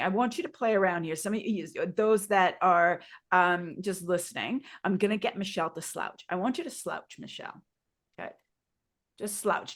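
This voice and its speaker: A woman yoga teacher explains breathing to her co-host in an instructive podcast chat. She talks in a guiding way and keeps turning to her listener with questions. Her voice sits at a middle pitch. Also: a bit bright.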